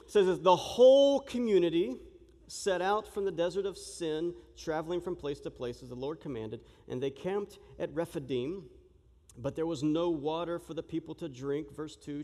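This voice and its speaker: A man with a fairly high voice preaches with lively energy, cracking jokes and acting out the shouting crowd. The long reverb of a large hall rings behind every phrase. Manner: animated, joking, acts out the crowd's shouting. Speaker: pastor. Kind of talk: sermon.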